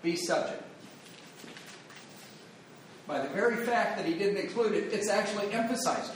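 A high-pitched male pastor delivers an earnest teaching sermon, quoting scripture and hammering points through repetition. His voice rings in an echoey church hall over a faint background hum. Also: animated, normal speed, pauses often. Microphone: wired handheld or lapel mic. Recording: echoey room with faint ambience.

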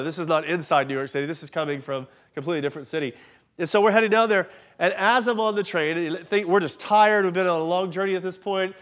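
A man's voice: sits high, a bit bright. A man, preaching a sermon and telling a chatty, self-deprecating personal story, a little congested from allergies. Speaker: pastor.

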